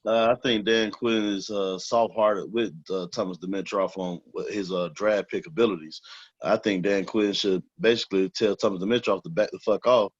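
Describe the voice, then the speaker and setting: A man's voice: fairly low pitch, steady tone, moderate pace, no echo. A man on a casual sports talk show, speaking bluntly with lots of swearing. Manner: blunt, profane, heated. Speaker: co-host. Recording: dull, dry sound.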